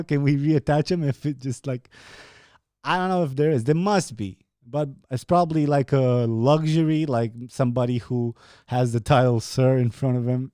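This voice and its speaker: A man's voice: mid-range voice, dark tone, dry recording, studio quality. A young man hosting a podcast, chatting casually with viewers in a rambling, profane way with frequent laughs. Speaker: podcast host. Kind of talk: casual chat with live viewers.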